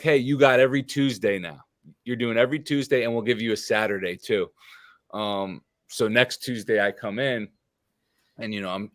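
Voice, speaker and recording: A man's voice: fairly low pitch, a bit bright, no room sound, studio quality. A man in his thirties, a podcast guest, telling a long casual story full of fillers and acted-out quotes. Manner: rambling, lots of fillers and quoted dialogue.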